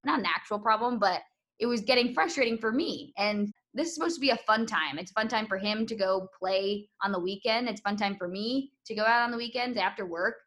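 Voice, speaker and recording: A young woman chatting casually on a podcast, telling a story with lots of laughter and acted-out quotes. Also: mid-range voice. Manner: animated storytelling, laughing often, acts out quotes. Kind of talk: casual chat.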